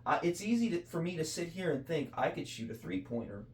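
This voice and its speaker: A man's voice: on the high side, sing-song, brisk, reverberant, a little hiss or hum. Earnest guy preaching casually on a podcast, lots of restarts, voice bouncing round the room, mic a bit far off. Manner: earnest, preachy, full of self-corrections. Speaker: podcast co-host. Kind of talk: casual faith talk.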